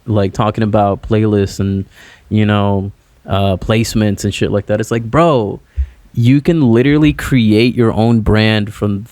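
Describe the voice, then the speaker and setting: A man's voice: fairly low pitch, fairly even intonation, measured pace, darkish tone, dry recording. A man, a musician guest, chatting casually on a podcast over a remote call, rambling and filling his talk with "like" and "you know".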